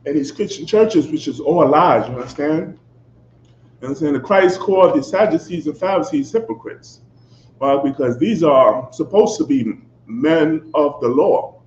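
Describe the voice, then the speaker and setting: A man's voice: a little high, animated, moderate pace, darkish tone. A man preaching a fiery, confrontational sermon, swearing and asking "you understand?" after nearly every phrase. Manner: fiery and profane. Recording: echoey, dull lo-fi recording with faint background noise.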